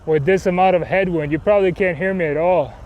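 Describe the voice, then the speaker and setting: A man's voice: sits high, fast, highs cut off. A man chatting casually while riding a bike outdoors, rambling and self-deprecating, with many fillers. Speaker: cycling vlogger. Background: wind and faint traffic.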